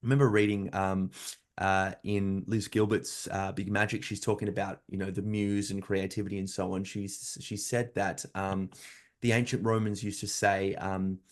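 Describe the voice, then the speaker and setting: A man hosts a podcast in a relaxed conversation. His voice sits on the low side, and he reflects aloud in long, loosely built sentences. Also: moderate pace. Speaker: podcast host. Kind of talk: casual chat.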